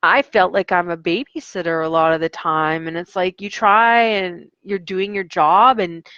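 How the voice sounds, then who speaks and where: A woman's voice: lowish voice, normal speed, fairly bright tone, no echo, dull audio. A young adult woman, an online English teacher, chatting casually about her classes and acting out her students in quotes. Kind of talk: casual vlog storytelling.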